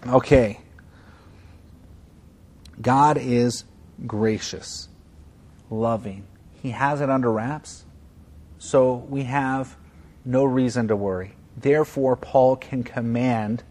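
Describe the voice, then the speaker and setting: A man pastor preaching a sermon in an earnest, conversational way, moving between soft moments and emphatic ones. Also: medium pitch, steady tone, takes it slowly, pauses often.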